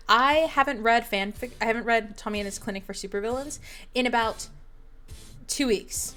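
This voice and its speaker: A woman hosting a live stream in casual chat, hyper and excitable, meowing playfully at her chat. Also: on the high side. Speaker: streamer host.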